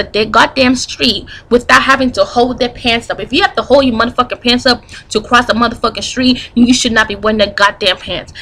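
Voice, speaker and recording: A young woman ranting in a commentary vlog, angry and profane, with many asides and quotes read out slowly. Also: on the high side, sharp tone, rough recording. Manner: reads quotes aloud slowly. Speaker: vlogger commenting on news.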